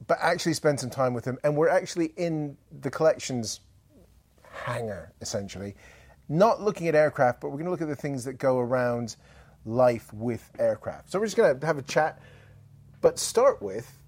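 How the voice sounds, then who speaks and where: A man's voice: mid-range voice, lively intonation, moderate pace, a little mellow, no echo. Chatty English man hosting a podcast. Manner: chatty, self-mocking, upbeat. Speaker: podcast host. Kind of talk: casual interview chat. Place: museum collections hangar.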